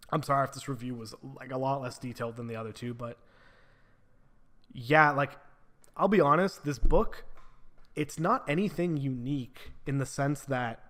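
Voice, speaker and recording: A man's voice: mid-range voice, a bit bright. A man giving a casual spoken book review, retelling the plot with frequent swearing and lots of filler words.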